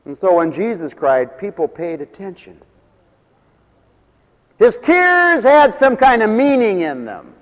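A man preaching a sermon, swinging between raised declarations and low, quiet asides, sometimes acting out what people say. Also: wildly swooping pitch, slow, long pauses, big-room sound. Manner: mimics people in dialogue.

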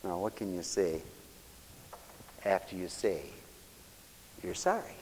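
A man preaching a sermon with emotion, swinging between hushed asides and loud exclamations. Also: low-pitched, very animated, slow, big-room sound, slight background noise, low-quality recording.

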